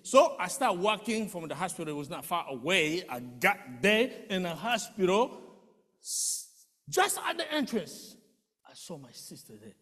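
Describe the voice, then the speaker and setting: A man giving an emotional spoken testimony, telling the story with animated delivery and acting out quoted voices. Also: high voice, normal speed, in a large hall.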